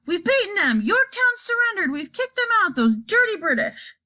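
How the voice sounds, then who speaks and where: Brief: woman voicing a cranky old grandmother, high and shrill, lively swings, scolding. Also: normal speed. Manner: shrill, crotchety.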